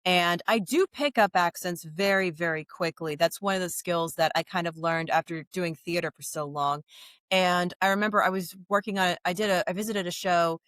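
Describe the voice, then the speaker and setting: A woman in her thirties, a podcast guest with a neutral Midwestern American accent, telling animated stories with quick asides and frequent laughter. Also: lowish voice, no echo. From New Orleans. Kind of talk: casual interview chat.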